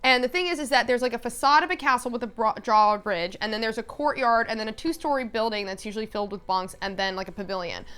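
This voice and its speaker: A woman's voice: a little high, fast talker, hardly any pauses, sharp tone, clear, resonant tone. A woman vlogger telling an enthusiastic, casual story, full of "like" and fillers. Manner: enthusiastic, filler-heavy with lots of "like".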